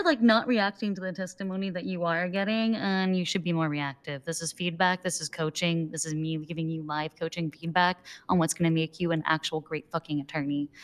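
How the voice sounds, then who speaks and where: A woman playing a judge in an online roleplay, talking bluntly and swearing freely as she lectures the lawyers in front of her. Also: on the low side. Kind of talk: in-character roleplay.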